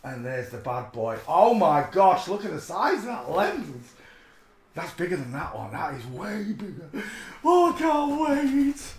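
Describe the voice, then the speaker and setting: A man chatting excitedly as he unboxes a parcel, cooing softly to his dog in between. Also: high-pitched, a little slow, echoey room, a little hiss or hum. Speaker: channel host. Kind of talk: casual unboxing chat.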